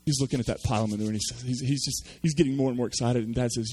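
Quick-talking male preacher telling a story. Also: mid-range voice, fairly even intonation, mellow, slightly rough. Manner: storytelling with self-deprecating humor. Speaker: pastor. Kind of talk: sermon.

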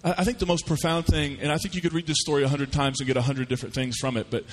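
A man's voice: fairly high pitch, rapid-fire, in a large hall. A man preaching a sermon, telling stories in a folksy way and voicing the people in them. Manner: folksy storytelling with lively voiced asides. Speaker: pastor.

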